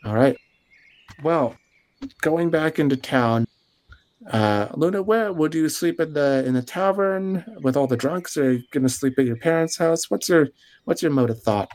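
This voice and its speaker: A man narrating a tabletop game as game master, describing scenes with drawn-out pauses. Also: on the high side, animated, a little mellow.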